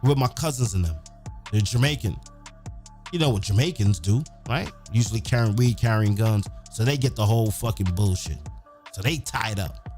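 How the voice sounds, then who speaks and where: A man hosting a podcast, telling stories in a casual, profane, animated way. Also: lowish voice, moderate pace, soft background music. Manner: profane, animated, acts out quotes. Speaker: podcast host. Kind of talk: casual storytelling.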